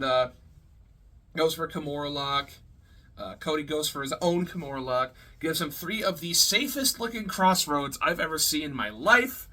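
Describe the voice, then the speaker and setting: A man giving a casual, rambling spoken review, heavy on swearing, fillers and quick laughs. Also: a little high, bright, forceful tone. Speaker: wrestling reviewer.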